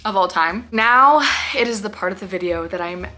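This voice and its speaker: Bubbly, bright-voiced woman book vlogger. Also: mid-range voice, normal speed. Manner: excitable, gasping and squealing at each pick. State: out of breath. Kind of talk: casual reading vlog.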